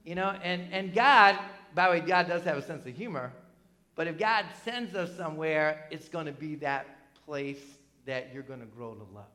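A middle-aged man from New Jersey preaching a sermon in a conversational, animated way, full of asides and tag questions. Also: on the high side, normal speed. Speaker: pastor.

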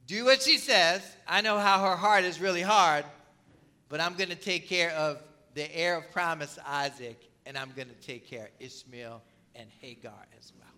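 A man voicing God as a calm, reassuring male deity in a plain paraphrase during a sermon. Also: a little high, moderate pace.

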